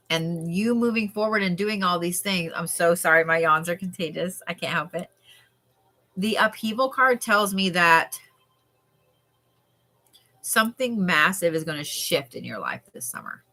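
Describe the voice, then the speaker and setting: Bright, chatty woman with a drawl, live tarot reader, animated and casual. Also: fairly low pitch. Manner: chatty and animated, with frequent laughs and yawns. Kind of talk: live-stream card reading.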